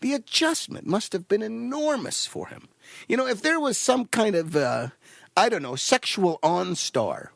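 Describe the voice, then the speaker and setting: A man's voice: sits high, expressive, unhurried, creaky, a bit bright, dry recording. A man doing stand-up comedy with a rambling, meandering delivery full of fillers and his own laughs.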